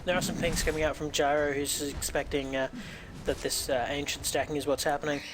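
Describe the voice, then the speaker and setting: A man co-commentating an online game, with excited reactions and frequent hesitations. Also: a little high, brisk, background noise. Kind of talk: esports commentary.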